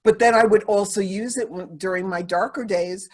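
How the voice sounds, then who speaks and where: A woman's voice: mid-range voice, steady tone, moderate pace, a little mellow. A woman speaking candidly and confessionally as a podcast guest, circling back and repeating phrases as she talks. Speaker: podcast guest, sensuality teacher. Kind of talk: candid conversational podcast talk.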